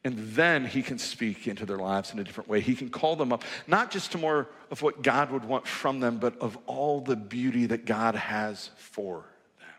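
Bright-voiced preacher in an echoing hall. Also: male voice, medium pitch, normal speed. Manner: animated storytelling, conversational. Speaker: pastor. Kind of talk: sermon. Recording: reverberant hall.

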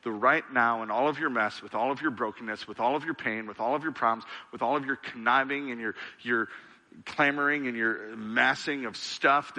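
A man's voice: medium pitch, pushed and bright. Earnest male pastor preaching in a hall. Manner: earnest, repetitive, building lists. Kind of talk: sermon. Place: church.

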